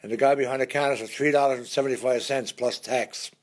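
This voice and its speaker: A man's voice: medium pitch, steady tone, quick pace. A man telling jokes in a casual folksy way on a live stream, often laughing at his own punchlines.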